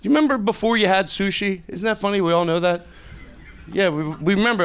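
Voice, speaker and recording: A man's voice: high-pitched, expressive, fairly quick, a bit bright, clear, resonant tone. A man doing an improvised stand-up set on a club stage, rambling and correcting himself as he acts out other people. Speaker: stand-up comedian. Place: comedy club stage with audience. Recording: live club, faint crowd and noise.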